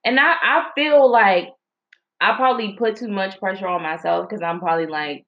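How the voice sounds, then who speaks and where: A young woman telling a story to her viewers, chatty and animated, with slang and lots of fillers. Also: mid-range voice, normal speed. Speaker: mom vlogger. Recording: slightly dull lo-fi audio.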